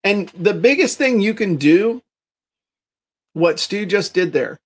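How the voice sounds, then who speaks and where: Male co-host, lively storyteller who acts out quoted people, stumbles over restarts, slightly raised pitch. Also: slow. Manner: frequent restarts and repeated words. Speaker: podcast co-host. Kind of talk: casual business chat.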